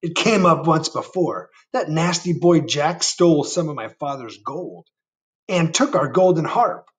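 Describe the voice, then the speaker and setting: A man voicing a very old, toothless male giant in a picture book read aloud, speaking slowly and gloating over past meals. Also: on the high side, animated, voice pushed up. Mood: grumbling.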